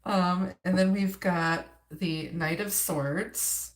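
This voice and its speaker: Woman, Upper Midwest accent, tarot reader on a live stream, chatty, lowish voice, echoey room. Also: steady tone, slow pace. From Wisconsin, United States. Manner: chatty, greets viewers, frequent fillers and laughs. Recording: roomy echo.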